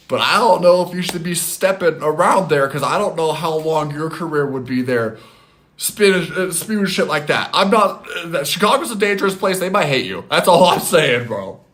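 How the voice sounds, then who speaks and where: Animated man chatting on a phone stream. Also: a little high. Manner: animated, reads chat aloud, swears casually. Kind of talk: casual live-stream chat.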